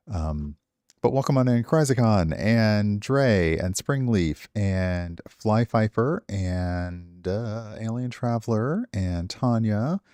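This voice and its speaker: A middle-aged man with a very low voice rambles easily to his viewers, poking fun at himself as he goes. His voice is recorded dry and close, with no room sound. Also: mellow, dry recording. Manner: rambling, self-deprecating, chatting to viewers. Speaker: streamer. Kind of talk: casual stream chat.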